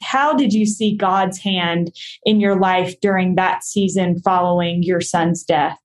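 Slow, gentle woman interviewer. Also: fairly low pitch, steady tone. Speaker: podcast host. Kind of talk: interview conversation.

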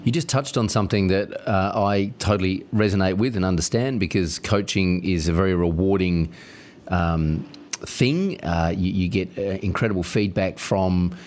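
A man's voice: low-pitched, moderate pace, darkish tone, slight background noise. A man hosting a podcast, chatting easily with a guest and often restarting with fillers. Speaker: podcast host. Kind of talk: conversational podcast interview.

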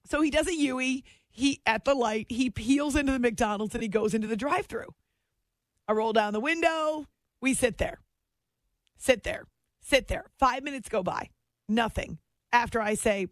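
Telling a story on her late-night sports radio show, this female host sounds lively and chatty and laughs frequently. She speaks from a station studio in a high voice at a moderate pace, on a dry recording.

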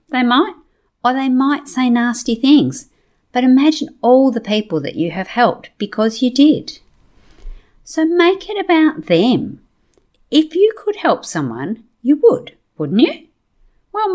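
A woman's voice: fairly high pitch, darkish tone. A woman hosting a podcast, giving an encouraging motivational monologue full of rhetorical questions and personal stories. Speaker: podcast host.

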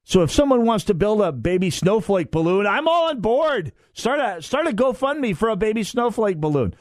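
A man's voice: high voice, very animated, moderate pace, no room sound, studio quality. Sardonic male talk radio host. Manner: sardonic, mocking, with frequent uhs and sighs. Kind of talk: opinion monologue on talk radio. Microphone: studio microphone.

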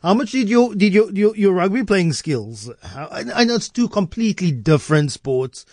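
A South African man hosting a morning interview, chatty and halting with frequent restarts. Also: high-pitched, expressive, darkish tone, dry recording. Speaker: radio host.

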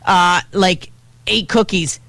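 A woman's voice: lowish voice, takes it slowly, creaky, fairly bright tone, no room sound. A middle-aged woman co-hosting a morning radio show, telling stories animatedly and acting out her mother's lines. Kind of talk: casual radio banter. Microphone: studio microphone.

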